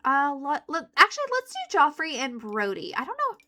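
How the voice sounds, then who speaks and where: A young woman chatting excitedly to her viewers as she plays a life-sim game, thinking out loud and gasping at surprises. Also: high voice, moderate pace. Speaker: gaming YouTuber. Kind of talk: let's play commentary.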